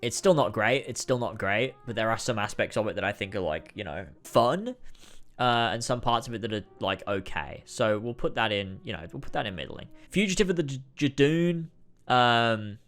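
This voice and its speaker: A man's voice: mid-range voice, lively intonation, normal speed, a bit bright. A man giving casual, exasperated ranking commentary, swearing and sighing often. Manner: exasperated, frequent swearing and sighs. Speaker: video creator ranking episodes.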